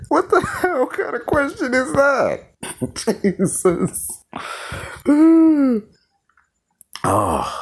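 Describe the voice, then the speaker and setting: A man reviewing a film in a casual, profane, sarcastic rant, full of fillers and restarts. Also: on the low side. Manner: animated, frequent fillers and self-interruptions. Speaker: film reviewer, show host.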